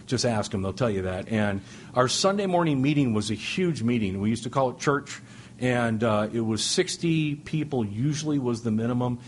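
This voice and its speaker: A middle-aged man speaking to a recovery meeting, telling stories with jokes and sudden excited jumps in his voice. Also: slight background noise. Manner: animated, joking, with sudden high-pitched exclamations. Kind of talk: humorous storytelling share. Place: speaking before a meeting audience.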